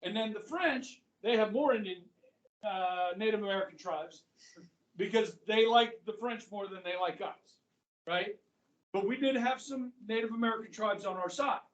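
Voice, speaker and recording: A man's voice: high-pitched, moderate pace, distant mic, dull audio. A middle-aged male history teacher lecturing a class in a chatty way, often checking in with his students. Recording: echoey classroom, voice from afar.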